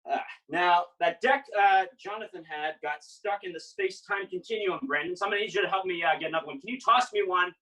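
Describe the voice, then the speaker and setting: A man's voice: sits high, fast, few pauses, bright, forceful tone, distant mic, poor audio. A man performing as an illusionist, delivering playful showman patter over a video call. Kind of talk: patter for a live online magic act.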